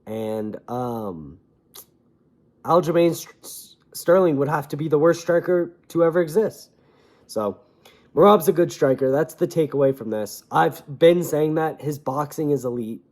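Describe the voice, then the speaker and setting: Young male fight commentator, somewhat high voice, heated and opinionated, swears freely. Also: unhurried. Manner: animated and opinionated, swears often. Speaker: MMA commentator. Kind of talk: casual fight-talk commentary.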